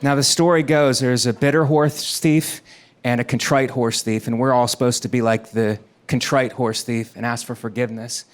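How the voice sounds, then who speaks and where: A man's voice: medium pitch, steady tone, moderate pace. A man performing a stand-up comedy set, telling stories and acting out quoted characters in a conversational delivery. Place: comedy stage before a laughing audience. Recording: live stage recording with audience noise.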